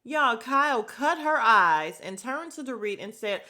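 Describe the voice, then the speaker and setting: Woman podcast host, casual gossipy recap voice, bright tone. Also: on the high side, unhurried. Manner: animated, gossipy, acts out quotes from the show.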